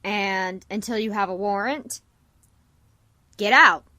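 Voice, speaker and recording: A woman voicing a gruff, hostile male farmer who talks curtly and dismissively. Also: medium pitch, unhurried, a bit bright, no room sound, lightly acted. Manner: curt, dismissive.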